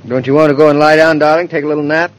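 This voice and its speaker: An actor in 1940s radio acting, playing a gently teasing young husband who speaks in a dry, wry, soothing way. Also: male voice, on the high side, little pitch movement, racing, natural voice. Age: young adult. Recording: dull old radio transcription.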